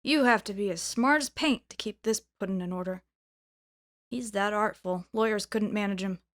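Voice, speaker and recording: A woman's voice: mid-range voice, normal speed, natural voice. A woman reading the lines of a blunt, good-natured man in a plain, friendly way in a storybook reading. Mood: hearty. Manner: plain, friendly and matter-of-fact.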